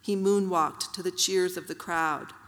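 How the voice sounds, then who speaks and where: A woman author reading her own prose aloud at a literary reading, measured and even, with soft fillers between passages. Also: lowish voice. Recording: long hall reverb.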